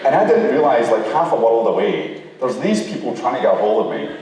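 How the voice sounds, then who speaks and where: A middle-aged man giving a lecture, telling humorous anecdotes in an animated way. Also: mid-range voice, brisk. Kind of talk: lecture with storytelling. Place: lecture hall. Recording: echoey hall, recorded from far off.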